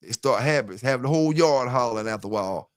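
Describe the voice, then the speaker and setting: A man's voice: medium pitch, expressive, fast, no echo, clean studio sound. A man hosting a casual livestream on a headset mic, rambling loosely and talking straight to his listeners. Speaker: dog kennel channel host. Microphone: headset with earphones.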